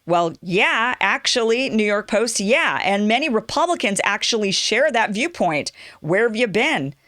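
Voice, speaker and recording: A woman hosting her own political commentary show, talking in an animated, sarcastic way and mocking her opponents. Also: medium pitch, measured pace, no room sound, clean studio sound. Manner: animated, sarcastic, mocks opponents in quoted voices.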